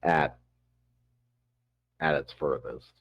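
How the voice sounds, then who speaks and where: A man running a tabletop game as game master, describing scenes in a relaxed way with frequent ums. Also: a bass voice, extremely slow, creaky, slightly rough, no room sound.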